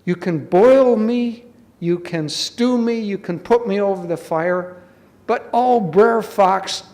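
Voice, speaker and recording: A man voicing a clever, boastful trickster rabbit from a folk tale, in a shrill, theatrical, pleading voice. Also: takes it slowly, a little mellow. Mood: mock pleading. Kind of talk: folk tale told in a spiritual talk.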